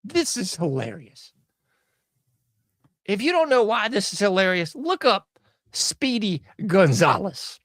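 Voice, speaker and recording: A male show host reacting to news clips with loose, slangy mockery, his voice swinging high and low as he talks. The sound is close and dry, with no room around it. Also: measured pace, long pauses, dry recording. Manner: animated, laughing, mocking, slangy. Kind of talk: casual commentary on news clips.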